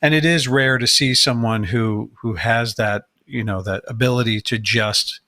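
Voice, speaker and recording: A man's voice: mid-range voice, normal speed, sharp tone, dry recording, clean studio sound. A man co-hosting a podcast who talks casually and thoughtfully, using many fillers. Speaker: podcast co-host.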